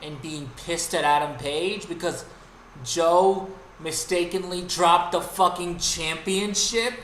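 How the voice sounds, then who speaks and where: Male streamer, unscripted rant, cursing and exasperated, slightly high voice, roomy echo. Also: slow, fairly bright tone. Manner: profane, exasperated ranting with frequent restarts. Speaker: streamer and host. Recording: roomy with faint background noise.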